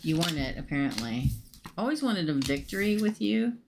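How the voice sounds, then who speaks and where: A woman's voice: lowish voice, sing-song, brisk, background noise. A woman doing a casual live tarot reading, naming cards and chatting with viewers about their questions. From United States. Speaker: tarot reader.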